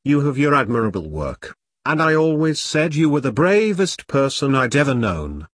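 A weary middle-aged former soldier, wry and a little halting, his voice rising and falling in a lively way, read by a male narrator in his own voice. The recording is close and dry with no room sound. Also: medium pitch, no room sound. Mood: hesitant. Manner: wry, hesitant. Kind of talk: audiobook character reading.

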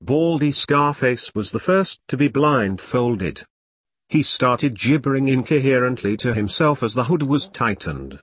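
A man reads a dark comic story aloud in a steady, even storytelling voice at a mid pitch. The sound is dry and close to the mic. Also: measured pace, slightly rough, no echo. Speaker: narrator. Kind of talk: audiobook narration.

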